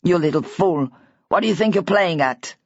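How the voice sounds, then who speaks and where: A woman reader puts on a deeper, rough-edged male voice for a frazzled young usher. He barks and scolds, then turns sheepish. The sound is husky, dry and slightly dull. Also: lively intonation, moderate pace, darkish tone, no room sound. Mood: scolding. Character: agitated young man, a wedding usher, gruff. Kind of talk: audiobook character voice. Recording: dull, dry audiobook recording.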